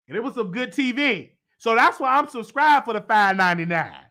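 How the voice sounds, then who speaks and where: A man hosting his own show, casually recapping and reviewing a TV episode in a slangy, animated way with loud bursts. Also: extremely high pitch, moderate pace, hardly any pauses.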